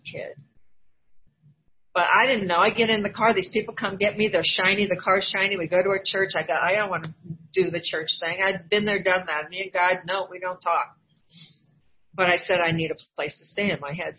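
A woman's voice: on the low side, a little hiss or hum. An older woman from Iowa telling her own recovery story to a meeting, candid and acting out the voices she quotes. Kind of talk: personal testimony at a recovery meeting. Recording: dull lo-fi recording, faint ambience.

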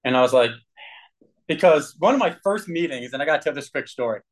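A man sharing his personal recovery story with a group, earnest and candid, with frequent throat clearing. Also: fairly high pitch, animated, a little fast, rough recording.

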